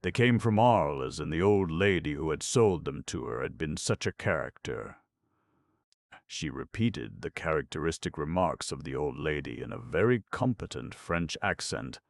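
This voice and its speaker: A man narrating an audiobook in a measured, ironic storytelling manner. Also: extremely low pitch, expressive, creaky, no echo. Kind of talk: scripted narration.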